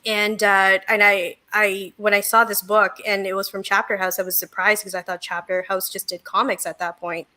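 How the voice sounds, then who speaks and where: A woman's voice: mid-range voice, level tone, moderate pace, few pauses, sharp tone. A woman guest in a casual chat who tells stories and laughs often.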